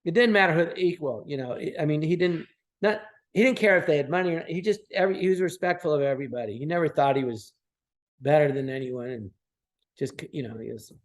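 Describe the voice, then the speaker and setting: A man's voice: on the high side, fast. A man in his sixties, a podcast guest, telling anecdotes casually and acting out the people he quotes. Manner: animated, acts out quoted voices.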